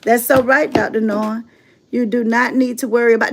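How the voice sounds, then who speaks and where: A woman's voice: a little high, quick pace, a bit bright, slight background noise. A middle-aged woman talking casually to her audience in a sassy, emphatic way, laughing often and repeating herself for effect. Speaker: motivational speaker and channel host. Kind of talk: casual livestream monologue.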